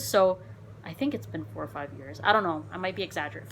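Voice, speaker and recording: A woman vlogger telling a dating story in a casual, animated, frank way, swearing and saying "like" a lot. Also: on the low side, quick pace, slight background noise.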